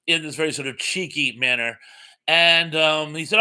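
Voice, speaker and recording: Bright-voiced man hosting a live chat. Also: fairly high pitch, normal speed, clear, resonant tone. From Massachusetts. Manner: chatty, chuckling, reads out chat messages. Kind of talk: casual live-stream chat reading viewer comments.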